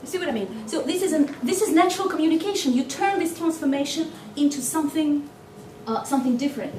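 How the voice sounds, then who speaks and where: A woman training teachers in a workshop lecture, lively and constantly quizzing her audience with quick questions. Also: high voice. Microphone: distant mic. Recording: echoey hall from far off, noisy.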